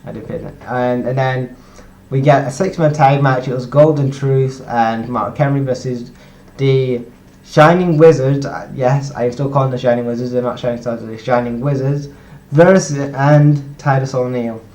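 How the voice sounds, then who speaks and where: A man's voice: mid-range voice, fairly even intonation, normal speed, a little mellow. A young man casually recapping a wrestling show, rambling and restarting his sentences with lots of ums. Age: young adult. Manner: rambling, repeats himself, frequent "obviously" and "um". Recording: roomy echo.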